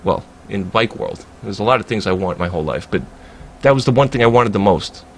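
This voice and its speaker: A man's voice: on the low side, lively intonation, a little fast, slight background noise. Profane New man ranting. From Staten Island, New York. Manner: heated, profane, rambling. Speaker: livestreamer. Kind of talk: casual ranting chat.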